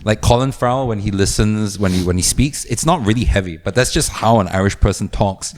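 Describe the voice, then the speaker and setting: A man's voice: lowish voice, a little fast, darkish tone. A young Malaysian man with a Malaysian English accent, co-hosting a comedy podcast and riffing casually, often restarting his sentences. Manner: rambling, restarts, slips into exaggerated impressions.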